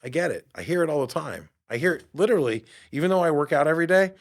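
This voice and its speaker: A high-leaning voice and fast delivery mark this podcast host and fitness coach in his fifties. He gives an animated motivational talk, acting out the voices of those he quotes.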